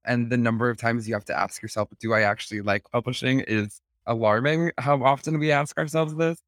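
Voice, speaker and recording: A man hosting a podcast, chatty and self-deprecating, with his speech full of casual fillers. His voice sits at a middle pitch. The recording is dry and close-miked. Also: steady tone, brisk, fairly bright tone, no echo. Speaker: podcast host. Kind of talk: casual interview.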